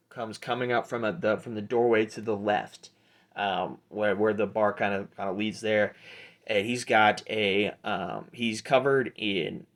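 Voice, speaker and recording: A man narrating as game master in a tabletop game, halting with restarts as he looks through his notes. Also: lowish voice, fairly bright tone. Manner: halting, many fillers and restarts.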